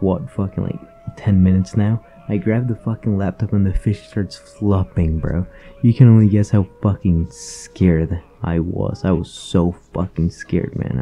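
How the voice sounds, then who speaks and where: Low gravelly young man ranting profanely. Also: warm tone. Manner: profane, rambling, filler-heavy. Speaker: vlogger. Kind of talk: casual storytime rant.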